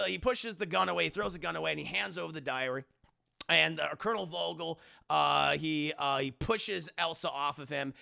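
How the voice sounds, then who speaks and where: A man's voice: a little high, vocal fry, bright, forceful tone. A man casually and profanely recapping a movie for his live chat, talking to the viewers directly.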